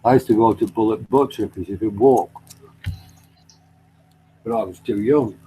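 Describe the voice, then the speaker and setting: A man's voice: lowish voice, moderate pace, warm tone, a little hiss or hum, poor audio. A man with a Lancashire accent, chatting casually and rambling with many fillers and restarts. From Burnley, England. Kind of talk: casual chat on a call.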